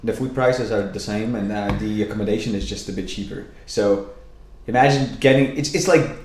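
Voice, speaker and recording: A young Lithuanian man with a Lithuanian accent, a comedian chatting casually as a podcast guest, laughing often and cracking deadpan dark jokes. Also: lowish voice, fairly quick, slight background noise. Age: young adult. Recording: echoey room.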